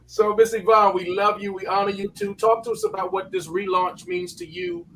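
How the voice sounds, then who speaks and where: A man's voice: high voice, expressive, normal speed, gravelly, fairly bright tone. A man hosting a group call, encouraging speakers and reading out comments. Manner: encouraging, interjects short affirmations. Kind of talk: affirming call host. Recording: distant mic with faint noise.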